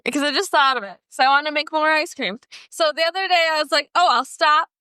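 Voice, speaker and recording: A woman's voice: sits high, quick pace, pushed and bright, dry recording, studio quality. A young adult woman co-hosting a podcast, chatting casually, reading posts aloud and quoting people in playful voices. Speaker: podcast co-host.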